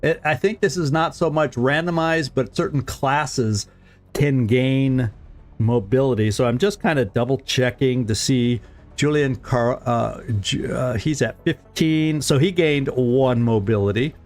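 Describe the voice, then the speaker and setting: A man in a mid-pitched voice streams a strategy game and chats easily with his viewers. He chuckles often and trips over repeated words as he thinks aloud. Faint music plays in the background. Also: measured pace, a little mellow. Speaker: gaming streamer. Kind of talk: casual let's-play commentary.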